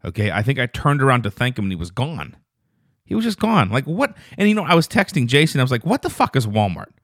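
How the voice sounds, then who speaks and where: A man hosting a casual solo podcast, telling a rambling, profane story that turns loud and quick when he gets indignant. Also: mid-range voice, sing-song, no echo, studio quality. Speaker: podcast host.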